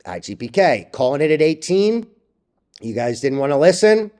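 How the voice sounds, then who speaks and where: A man's voice: fairly high pitch, sing-song, normal speed, a little mellow. Blunt, profane stock-trading vlogger man. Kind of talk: casual ranting commentary.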